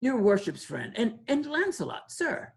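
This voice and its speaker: A woman reading the part of a muddled, humble, half-blind poor old man in an amateur play reading, halting and doddering. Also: fairly high pitch, very animated. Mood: confused.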